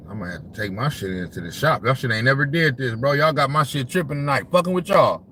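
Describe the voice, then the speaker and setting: A man's voice: medium pitch, expressive, fast, sharp tone, slight background noise. A man hosting a sports talk livestream, ranting casually with lots of profanity and frequent laughter as he talks to his chat.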